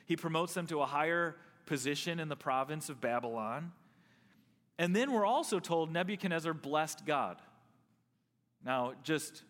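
A man preaching a sermon as pastor, earnest, leaning on slow emphatic stresses. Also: a little high, a bit bright. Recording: long hall reverb.

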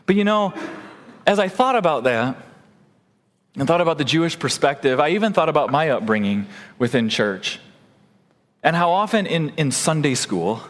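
Animated male preacher in a reverberant church. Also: a little high. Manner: animated preaching, acting out quoted voices. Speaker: pastor. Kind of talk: sermon.

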